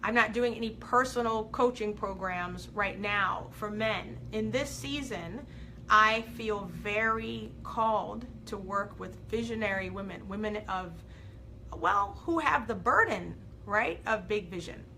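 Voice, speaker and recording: A woman hosting a live inspirational video, preaching with big swings from loud to soft and reading viewer comments aloud. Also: medium pitch, measured pace, vocal fry, a little hiss or hum. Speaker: host of a live faith and life coaching show.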